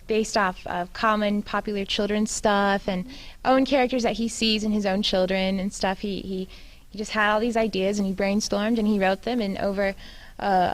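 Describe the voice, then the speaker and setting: A woman's voice: mid-range voice, rough recording. A woman, a cast member, chatting casually in an interview with loose, filler-heavy talk.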